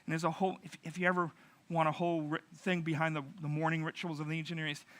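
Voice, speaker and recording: Male preacher, middle-aged, lively storyteller, slightly high and bright. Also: fast. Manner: animated storytelling with acted-out voices. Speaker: pastor. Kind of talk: narrative sermon.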